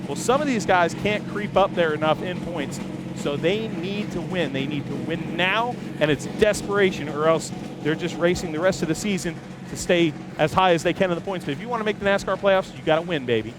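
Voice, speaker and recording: A man's voice: sits high, a little fast. A man hosting live, enthusiastic walk-around commentary in an outdoor race-car garage, chatting with viewers while filming on a camera he holds himself. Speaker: host. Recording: noisy outdoor garage, engines running. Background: engines and garage noise.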